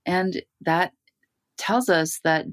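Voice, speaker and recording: Woman, podcast host, thoughtful reflective talk, slightly low pitch, dry close recording. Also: very slow, no echo. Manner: thoughtful, summing up the guest's story.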